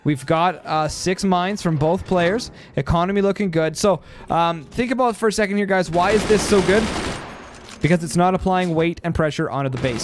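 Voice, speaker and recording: A high-pitched man casting a strategy game, calling the action play by play. He gets excitable and bursts into loud cries at big moments. His voice sounds a little stuffy from post-nasal drip. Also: noisy background. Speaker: game caster.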